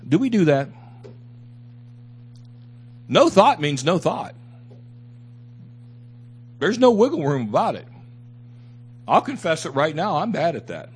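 A man's voice: a little high, very animated, slow pace, long pauses, breathy edge. A man preaching a sermon as pastor, emphatic and repetitive, with candid asides to his congregation. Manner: emphatic preaching with repeated phrases.

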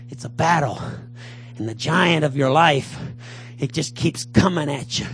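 A man preaching a fervent sermon, swinging between loud calls and low mutters as he acts out a taunting giant. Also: a little slow, vocal fry, faint music behind.

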